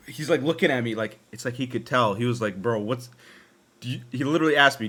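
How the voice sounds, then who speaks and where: A young man telling a rambling story on his own podcast, swearing freely, laughing, and swinging between loud outbursts and low mumbles. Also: fast. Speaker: podcast host.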